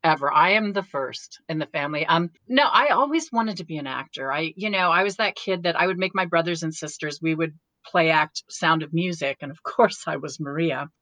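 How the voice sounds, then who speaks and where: Middle-aged actress, interview guest, deep low register, dry close sound, chatty anecdotal delivery. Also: female voice, fairly quick, hardly any pauses, bright, forceful tone, no room sound. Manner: chatty storyteller, laughs often. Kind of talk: casual interview chat.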